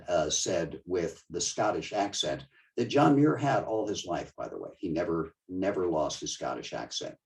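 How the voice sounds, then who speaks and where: An older man giving a conversational, digressive museum talk with slides, often halting mid-sentence. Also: lowish voice, animated, creaky, a little mellow, far from the mic, rough recording. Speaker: museum lecturer. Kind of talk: slide-show history talk.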